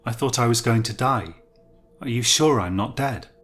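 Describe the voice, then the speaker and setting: A man's voice: medium pitch, moderate pace, fairly bright tone, soft background music, close to an everyday voice. A man playing a polite, bewildered young English man in a storybook reading. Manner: bewildered, questioning.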